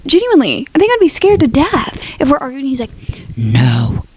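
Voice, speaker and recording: A woman's voice: sits high, very animated, quick pace, slight background noise. A young woman casually vlogging her opinions, chatty and dramatic with lots of filler words. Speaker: book YouTuber.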